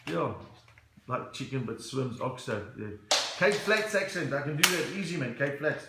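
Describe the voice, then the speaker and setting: A man's voice: a little high, big pitch swings, moderate pace, pushed and bright, echoey room, slight background noise. A South African man doing a playful live-stream comedy chat from his home, reading comments and switching into accents. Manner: chatty, playful, slips in and out of accents. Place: room at home.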